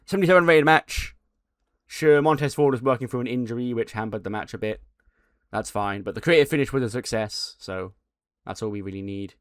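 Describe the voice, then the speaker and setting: A man's voice: mid-range voice, clear, resonant tone, no room sound, studio quality. A man casually narrating a game playthrough, swearing as he recaps events. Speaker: game channel host.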